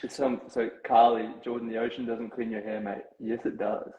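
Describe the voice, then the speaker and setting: A man's voice: medium pitch, flat delivery, normal speed, reverberant, dull audio, background noise. A young Australian man reading out fan questions in a laid-back, teasing way. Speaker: reality show contestant reading fan questions. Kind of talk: casual chat.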